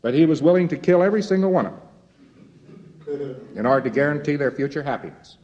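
A man's voice: on the high side, lively intonation, fast talker, a little mellow, lo-fi sound. A man from the United States giving a lecture in a folksy, wry way with jokey asides.

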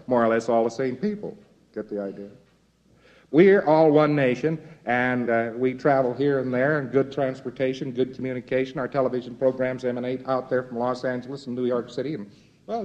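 A man's voice: mid-range voice, fairly quick, a little mellow, lo-fi sound. A man from the United States giving a lecture in a folksy, wry way with jokey asides.

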